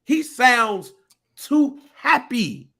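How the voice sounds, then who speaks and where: A man co-hosting a casual podcast, talking in an animated, emphatic and profane way. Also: very high voice, extremely slow. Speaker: podcast co-host.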